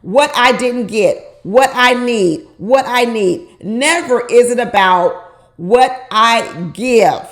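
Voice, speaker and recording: Emphatic, slightly high-voiced woman commentator. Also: slow pace. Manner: emphatic, repeats points for effect; opinionated, asks the viewer rhetorical questions. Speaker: reality TV commentator. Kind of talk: casual reaction commentary.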